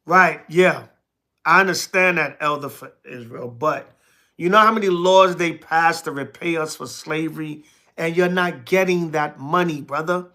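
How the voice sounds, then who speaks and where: Teaching scripture to a livestream audience, a preacher with a bright, high voice alternates slow Bible reading with casual responses to viewers. His answers to commenters come in short, blunt, repetitive bursts.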